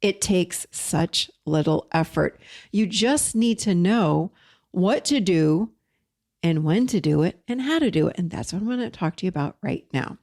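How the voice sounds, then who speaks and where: A woman's voice: fairly low pitch, expressive, unhurried. A middle-aged woman, a therapist and life coach, giving an encouraging, conversational motivational talk straight to her viewers. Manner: warm encouraging, conversational, addresses viewers as you guys.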